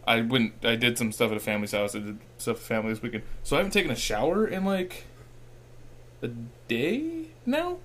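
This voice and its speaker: A young man on a studio mic, chatting in a crude, teasing way and laughing easily. His pitch swings widely and his voice stays in a middle register. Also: animated, brisk, a bit bright. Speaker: co-host. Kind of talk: casual chat. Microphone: studio microphone.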